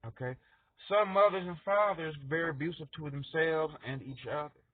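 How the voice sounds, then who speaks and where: Man, lively rambling monologue, husky and a bit high, dry and tinny phone-like audio. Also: normal speed, dry recording. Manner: animated, jumps into high squeaky voices for characters, laughs often. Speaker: music artist talking to viewers.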